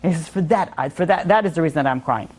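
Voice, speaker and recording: A man with a higher-pitched, racing voice teaches an informal Torah lesson in a storytelling style. He is animated, frequently stopping and restarting sentences as he works through his point.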